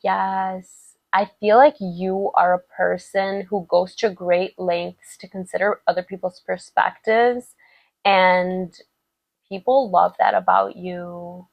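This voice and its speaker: A woman's voice: fairly low pitch, little pitch movement, slow pace, creaky, no echo, dull audio. A woman giving a casual, rambling tarot love reading, full of filler words and affirmations. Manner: chatty, rambling, many "like" fillers, warm affirming tone. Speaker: tarot reader.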